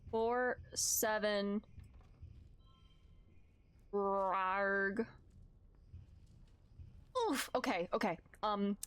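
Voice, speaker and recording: A woman's voice: medium pitch, fairly even intonation, very slow, long pauses, fairly bright tone, smooth, no echo. A woman streamer playing through a story game, reacting effusively and emotionally to what happens. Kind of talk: let's play commentary.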